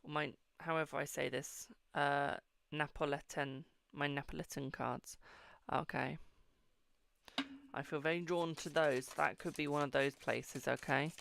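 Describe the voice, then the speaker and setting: A man's voice: a little high, fairly even intonation, unhurried, creaky, fairly bright tone, no room sound. A British man hosting a live-stream tarot reading, chatty and affectionate, calling viewers darling and boo.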